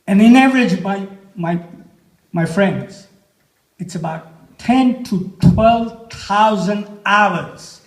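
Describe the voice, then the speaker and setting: A man giving a motivational talk at a festival, posing slow, deliberate rhetorical questions to the audience. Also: high voice. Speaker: motivational speaker. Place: music festival stage. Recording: echoey live stage sound.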